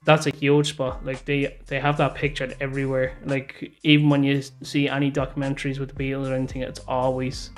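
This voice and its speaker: An Irish man chatting casually on a reaction video, easygoing and a bit rambling. He has a middling pitch, and faint music sits behind him. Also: completely flat delivery, brisk, few pauses. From Ireland. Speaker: reaction channel host. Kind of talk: casual chat.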